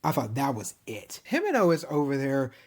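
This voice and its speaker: A man's voice: mid-range voice, fairly quick. Man casually recapping an anime season. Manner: animated storytelling, chuckles often, mimics characters' lines.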